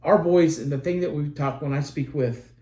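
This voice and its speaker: A man's voice: on the high side, normal speed, dark tone. A man co-hosting a parenting podcast, talking in an earnest, rambling way with many restarts. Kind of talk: casual podcast chat. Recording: roomy echo.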